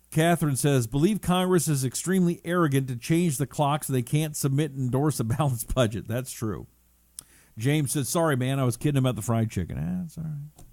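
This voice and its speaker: A man's voice: on the high side, gravelly, darkish tone, dry recording, clean studio sound. A middle-aged man hosting a casual talk stream, reading viewer comments aloud and riffing on them in a chatty, rambling way. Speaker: talk show host.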